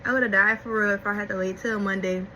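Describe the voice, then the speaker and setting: A young adult woman vlogger telling a story-time in casual, animated chat, talking straight to her viewers. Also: mid-range voice, fast, a little hiss or hum, low-quality recording. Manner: animated, chatty, addresses viewers as y'all.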